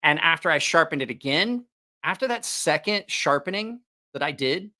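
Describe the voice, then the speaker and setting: A man's voice: a little high, expressive, normal speed, bright, forceful tone. A man hosting a livestream about knives, chatting casually and rambling, often correcting himself and cracking jokes. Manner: rambling, self-correcting, jokey. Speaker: knife channel livestream host.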